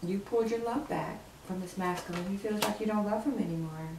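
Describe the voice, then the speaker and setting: A woman's voice: mid-range voice, brisk, recorded from a distance. Sassy, roomy-sounding woman tarot reader. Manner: emphatic, sassy, repeats phrases. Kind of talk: casual tarot reading. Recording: roomy, from afar, faint hiss.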